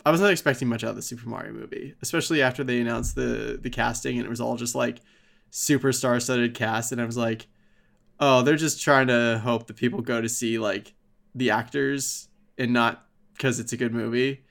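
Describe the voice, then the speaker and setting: A man's voice: mid-range voice, fairly even intonation, a little fast, gravelly, a bit bright. A man co-hosting a podcast, chatting casually in a rambling way with lots of fillers and swearing. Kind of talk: casual chat.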